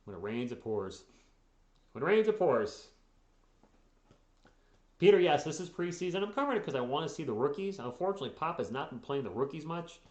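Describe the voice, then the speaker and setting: A man's voice: on the high side, big pitch swings, fast talker, hardly any pauses, a little mellow, roomy sound. A man hosting a casual live sports stream, chatting about the games and answering viewers in the chat, sounding tired. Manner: chatty, reacts to games and reads chat aloud. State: tired, yawning.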